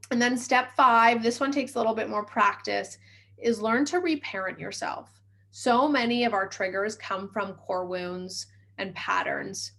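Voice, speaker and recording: Fast-talking upbeat woman coaching mindset. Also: medium pitch, creaky, fairly bright tone. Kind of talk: self-help podcast talk.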